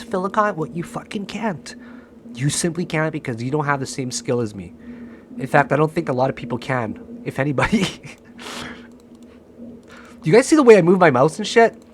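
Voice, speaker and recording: A man giving live commentary on his own trades, excitable and profane, cocky and joking, often shouting and pleading at the price chart. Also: on the high side, slight background noise.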